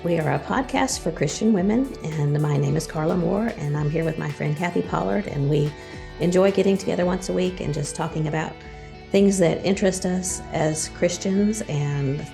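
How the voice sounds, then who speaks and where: A woman hosting a podcast in casual chat, hoarse with a frog in her throat, chatty and conversational. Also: normal speed, over music. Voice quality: deep and husky. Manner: chatty, conversational, many restarts. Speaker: podcast host.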